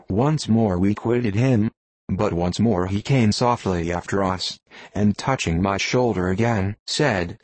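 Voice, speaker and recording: A man reading a classic novel aloud as an audiobook narrator, in a measured, deliberate way. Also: fairly low pitch, darkish tone, no room sound. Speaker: audiobook reader. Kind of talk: scripted narration.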